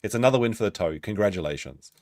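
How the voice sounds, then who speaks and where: A man's voice: lowish voice, lively intonation, fast, a little mellow, no room sound, studio quality. A man hosting a stream and reacting to a clip, blunt and swearing freely in long asides. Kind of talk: casual reaction commentary.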